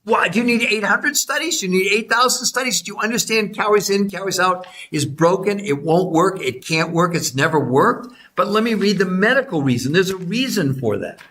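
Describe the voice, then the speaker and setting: Insistent high-voiced man presenting. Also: lively intonation, brisk, few pauses, sharp tone. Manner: insistent, repetitive, addresses viewers directly; greets live chat viewers by name. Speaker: host presenting research. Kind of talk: emphatic sales-style presentation.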